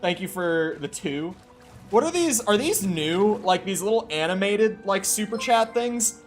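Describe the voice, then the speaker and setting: A man's voice: sits high, lively intonation, unhurried, soft background music. A man streaming a video game, casually reading chat aloud and reacting to the gameplay in a laid-back way.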